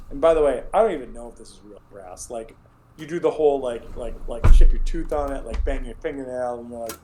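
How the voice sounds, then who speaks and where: A man running a tabletop game, narrating at an ordinary middle pitch. His talk is casual and profane. He rambles through restarts and "like"s. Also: animated, a little fast, dark tone, a little hiss or hum, poor audio. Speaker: game master.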